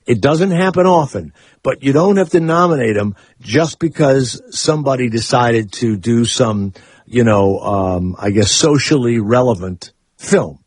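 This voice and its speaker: A man's voice: medium pitch, lively intonation, a little slow, husky, dry recording. A man hosting a radio talk show, rambling and opinionated in casual chat. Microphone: studio microphone.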